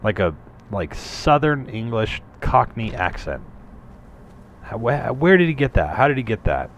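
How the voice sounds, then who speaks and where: A man's voice: medium pitch, big pitch swings, measured pace, a little hiss or hum. A man giving casual, rambling gameplay commentary, cursing freely and making jokey asides.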